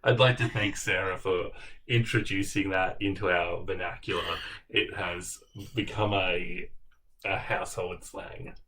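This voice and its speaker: A man co-hosting a casual book chat, joking in a dry, deadpan way. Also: deep voice, measured pace. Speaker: booktuber co-host. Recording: distant mic, faint background noise.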